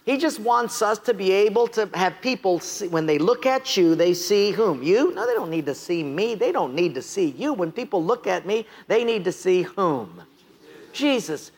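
An American man preaching a sermon, animated and joking, often asking the congregation questions. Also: sits high, moderate pace. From United States. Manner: animated, asks the crowd questions, jokes and laughs. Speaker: pastor.

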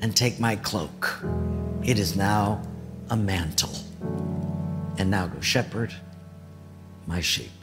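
A man voicing God as a patient, commanding father, speaking in low, firm, steady commands. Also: normal speed, few pauses, loud music behind the voice, natural voice. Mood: gentle.

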